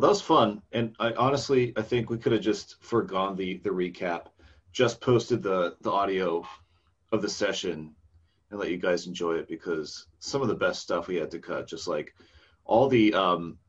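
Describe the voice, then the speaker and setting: A man's voice: deep voice, normal speed, slightly rough, lo-fi sound. A man co-hosting a podcast, recapping a game session in casual, rambling chat that trails off into fillers.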